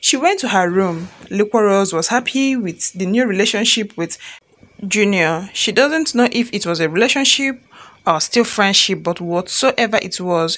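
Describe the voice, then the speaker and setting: A woman reads a fan-written love story aloud. She narrates in a plain, even storytelling voice and keeps her own voice for every part. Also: medium pitch.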